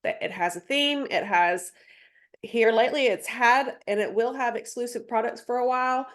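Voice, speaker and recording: A woman with a stuffy nose and a voice on the high side, speaking at normal speed. She mentors a sales team over a video call, reading through slides in a chatty, casual training session full of ums and asides.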